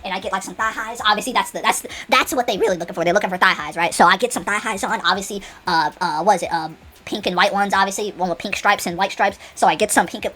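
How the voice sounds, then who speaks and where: Fast rambling woman telling a comic story. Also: mid-range voice, fairly bright tone, a little hiss or hum. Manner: rambling, restarts often, acts out dialogue.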